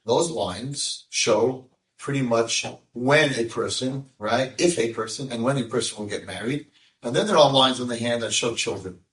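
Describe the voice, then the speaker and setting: An older man, a rabbi, tells a story to an audience in an animated way and acts out the voices of the people in it. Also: medium pitch, moderate pace. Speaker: rabbi giving a talk. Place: lecture room with audience. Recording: echoey room, mic at a distance.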